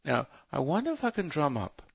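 Gravelly preachy man hosting call-in radio. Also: on the high side, huge pitch swings, fairly quick, fairly bright tone, no echo, muffled recording. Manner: rambling, self-interrupting, preachy. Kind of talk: talk radio monologue.

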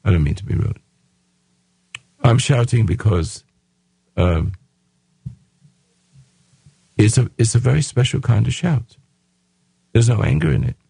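A man hosting a radio talk show, delivering an emphatic, preachy monologue in a rough voice that he raises as he speaks. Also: mid-range voice, animated, unhurried, pauses often, mellow, no room sound. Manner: emphatic, raising his voice, preachy.

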